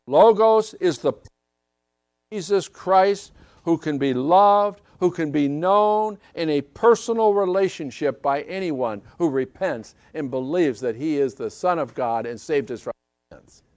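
With a voice slightly high for a man, this British Isles preacher gives a forceful sermon, leaning on repetition and regularly checking in with his audience while his pitch rises and falls widely. The sound is close and dry, free of room echo.

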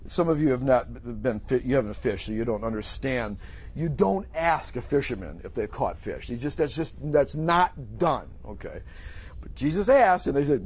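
A man's voice: on the high side, big pitch swings, moderate pace, darkish tone, slightly rough. A middle-aged man preaching a sermon in a conversational way, acting out the voices of people in the story. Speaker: pastor.

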